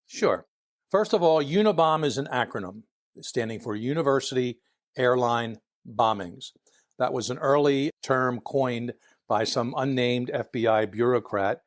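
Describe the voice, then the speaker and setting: A man's voice: mid-range voice, a little slow, dry recording, studio quality. A man in his sixties from Philadelphia, with a Philadelphia accent, telling stories in a casual interview, chuckling and acting out other people's lines. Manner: chatty, acts out voices in anecdotes, chuckles while talking. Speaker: guest, retired FBI agent.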